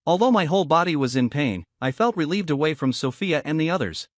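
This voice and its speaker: A man's voice: on the high side, expressive, fast, dry recording, studio quality. A man telling a dramatic romance story in the first person as scripted narration.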